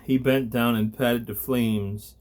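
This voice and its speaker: A man reading a story aloud as narrator, at a deliberate pace. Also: medium pitch, steady tone, darkish tone.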